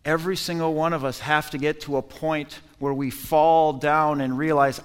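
A man's voice: fairly high pitch, steady tone, moderate pace, few pauses, fairly bright tone, clean tone. A man preaching a sermon as pastor, earnest and emphatic, repeating phrases for effect. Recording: echoey hall.

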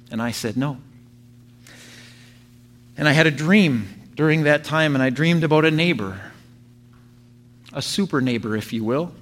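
A man preaching a sermon to his church, telling a story with animated sound effects. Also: a little high. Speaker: pastor.

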